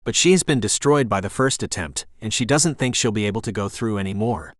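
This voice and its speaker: A man's voice: lowish voice, fairly quick, no room sound, studio quality, natural voice. A man voicing a blunt, resolute lover. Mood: insistent. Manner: firm and direct. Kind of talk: audiobook character voice.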